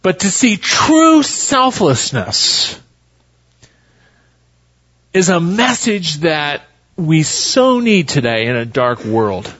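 Slow, animated folksy preacher man. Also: a little high, highs cut off. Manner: folksy storytelling. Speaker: pastor. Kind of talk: sermon.

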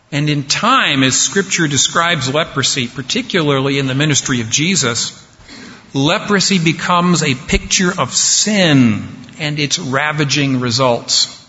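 A man preaching a sermon slowly and deliberately, pausing for effect. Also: fairly high pitch, sharp tone. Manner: slow, deliberate preaching with dramatic pauses. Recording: dull sound with long hall reverb.

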